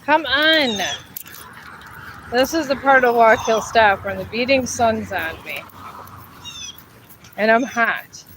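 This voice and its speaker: A woman's voice: fairly high pitch, slow, long pauses, noisy background. A woman livestreaming her dog walk, tired and grumbling as she coaxes her dog up the hills. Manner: weary, grumbling, coaxing her dog along. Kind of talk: casual live vlog. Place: outdoors on a hilly street walk.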